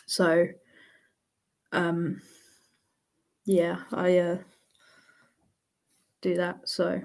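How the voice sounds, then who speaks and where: A woman's voice: fairly low pitch, completely flat delivery, drawn-out words, gravelly, darkish tone. A woman hosting a casual live Q&A, chatty and laughing often as she reads out viewer questions. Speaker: livestream host answering viewer questions.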